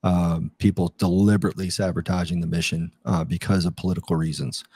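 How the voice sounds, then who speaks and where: Man, middle-aged, very low voice, mellow tone, rambling with restarts, casual interview storytelling. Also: level tone, brisk, breathy edge, no room sound, studio quality. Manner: rambling, many fillers and restarts. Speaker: guest, retired Army captain.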